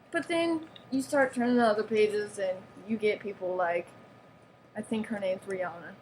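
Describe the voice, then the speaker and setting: A woman's voice: fairly high pitch, animated, fairly quick, slight background noise. A woman giving a playful, mock-serious show-and-tell of a toy, with giggles and sarcastic asides. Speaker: vlogger showing off a toy.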